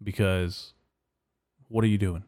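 Profane, ranting young man with a smooth voice. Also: low voice, fairly even intonation, takes it slowly, darkish tone. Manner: profane, rambling, mock-outraged. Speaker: podcast host. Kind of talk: comedic rant.

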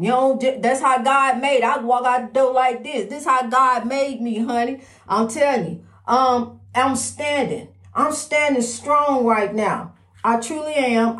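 A high-pitched woman talks about her faith in a slow, preachy, repetitive way, often calling the listener "honey". Her lines sometimes lift into a sing-song lilt. The sound bounces around an echoey room. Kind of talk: faith-filled personal monologue.

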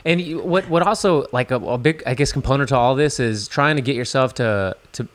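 A man's voice: mid-range voice, fairly quick. A man co-hosting a podcast, earnestly telling stories and giving advice. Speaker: podcast co-host. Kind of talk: casual podcast chat.

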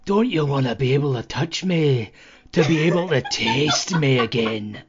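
A man's voice: medium pitch, lively intonation, moderate pace, background noise, close to an everyday voice. A British man putting on a mocking impression of a creepy male TV character with a strong Scottish accent, on dull lo-fi audio. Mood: leering.

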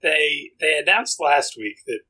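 A man's voice: fairly high pitch, expressive, measured pace, pushed and bright, rough recording. A man co-hosting a casual podcast, trading dry jokes and restarting his sentences with small stammers. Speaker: podcast co-host. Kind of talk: casual chat.

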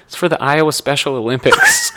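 A man's voice: a little high, wildly swooping pitch, fairly quick, pushed and bright, slight background noise. A young man from Nebraska chatting casually as a podcast guest, rambling through stories, correcting himself and laughing often. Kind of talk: casual chat.

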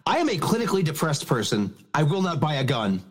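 A man co-hosting a podcast, tossing out dry, sarcastic jokes in loose conversation. His voice sits a little higher than most men's. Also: big pitch swings, fast, slightly rough. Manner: sarcastic, joking. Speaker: podcast co-host. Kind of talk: casual chat.

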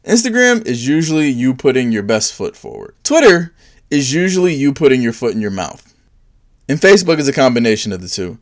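A man's voice: sing-song, fairly quick. A man delivering a sarcastic comedic monologue, dipping into mocking voices for his jokes. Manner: sarcastic, swings into high mocking put-on voices for bits. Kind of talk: stand-up style comedic monologue.

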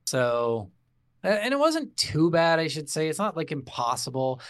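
A man co-hosting a casual game review podcast, animated, swearing freely and acting out his reactions. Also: on the high side, moderate pace, no room sound, clean studio sound. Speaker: podcast co-host.

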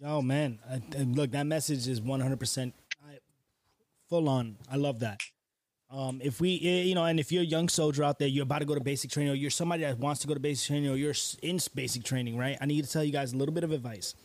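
A man's voice: mid-range voice, steady tone, fast talker, a little mellow, a little hiss or hum. A man hosting a casual podcast, talking straight to listeners in an earnest, encouraging way and often checking in with "right?". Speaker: podcast host.

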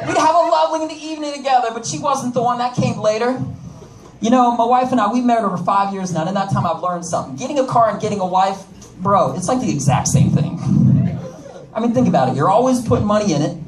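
A man's voice: high voice, fast talker, roomy sound, recorded from a distance, background noise. A man doing a stand-up comedy set, with brash joking asides to the audience. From United States. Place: comedy club stage.

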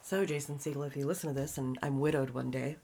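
A woman's voice: very deep voice, steady tone, quick pace, dark tone, a little hiss or hum. A young adult woman co-hosting a podcast, chatting casually with profane, giggly banter. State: cut tongue. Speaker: podcast co-host. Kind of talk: casual chat.

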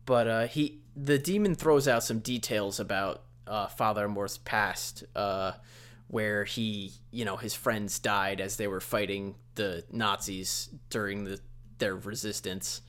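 A man co-hosting a casual horror movie podcast, describing scenes in a measured way with fillers. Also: fairly low pitch, fairly even intonation, a bit bright. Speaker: podcast co-host.

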